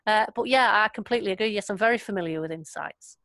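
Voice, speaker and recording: A woman's voice: mid-range voice, fast, fairly bright tone, dry recording. A woman leading an online training session over a video call, chatty and affirming. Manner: chatty, affirming, laughs often. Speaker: workshop facilitator.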